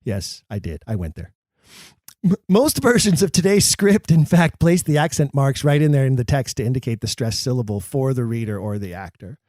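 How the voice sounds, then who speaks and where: A man's voice: mid-range voice, brisk, dark tone, no echo, clean studio sound. A man hosting a podcast, explaining verse to actors in an emphatic way with wry, self-mocking asides. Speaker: podcast host. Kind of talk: explanatory talk on Shakespeare for actors.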